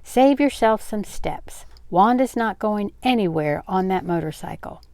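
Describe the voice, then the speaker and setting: A shrill, excitable middle-aged aunt, put on by an older woman reading a storybook, loud and emphatic in her fussing. The voice has a gravelly edge and sounds close and dry. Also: measured pace, no echo. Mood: stern.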